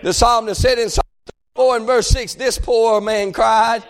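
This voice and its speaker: Male preacher, very high pitch, fervent shouting revival delivery. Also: fairly even intonation. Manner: fervent, shouting, drawn-out phrases. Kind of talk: revival sermon.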